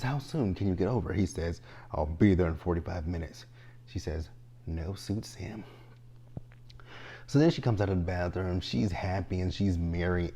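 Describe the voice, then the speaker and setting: A young man giving a casual, animated recap of a TV episode, talking straight to the characters in exasperation. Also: low voice, slight background noise. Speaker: TV show reviewer.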